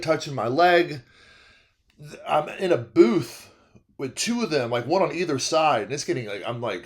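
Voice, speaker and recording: Young man, comedic storytime, animated, self-interrupting, fairly high voice. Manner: animated, self-interrupting, repeats phrases for comic effect. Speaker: restaurant server.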